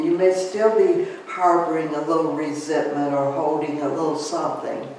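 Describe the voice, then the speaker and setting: Guy slowly guiding a lent meditation, long pauses, kinda high voice, far off in a really echoey room. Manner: very slow, calm, with long pauses and repeated phrases. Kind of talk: slow guided meditation. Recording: roomy, from a distance, with faint noise.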